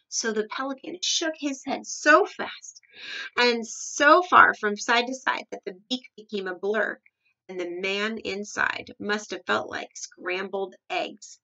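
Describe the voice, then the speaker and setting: A woman's voice: mid-range voice, slow, gravelly, sharp tone, highs cut off. A woman in her forties reading a children's book aloud and speaking to her listeners as friends. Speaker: storyteller.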